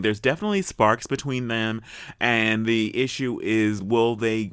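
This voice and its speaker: A man hosting a TV review podcast in casual chat, excitable and rambling, laughing often. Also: medium pitch, clean tone, no room sound, studio quality.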